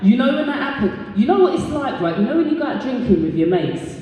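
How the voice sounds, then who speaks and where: A British woman doing a stand-up comedy set as the compere, telling stories in a brash, sweary way and jumping into high squeaky voices for quotes. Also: very animated, fast, darkish tone. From Britain. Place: live comedy venue. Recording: echoey hall, distant mic.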